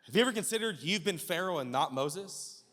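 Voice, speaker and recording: A man pastor preaching a sermon, firing off rhetorical questions and building up to shouts at the peaks. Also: high voice, expressive, fairly quick. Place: church sanctuary. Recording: long church-hall reverb.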